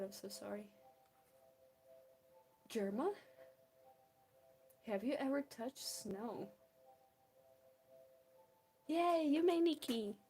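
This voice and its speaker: Giggly young woman w a belarusian accent, kinda high voice, talks slow to her chat while drawing. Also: mellow. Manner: bubbly, giggly, chatting with viewers. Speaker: art streamer.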